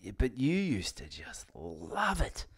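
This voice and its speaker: An Australian man co-hosting a podcast, chiming in with short jokes and quick reactions. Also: mid-range voice, wildly swooping pitch, husky. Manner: chimes in with short quips and jokes. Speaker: podcast co-host. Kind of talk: casual banter.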